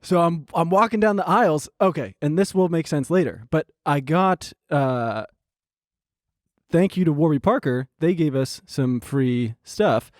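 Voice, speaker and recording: A man co-hosts a podcast in casual chat, spinning an animated story and swearing freely. His voice sits a little high and swings widely in pitch. The sound is dry and close, with no room echo. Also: a little slow. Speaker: podcast co-host.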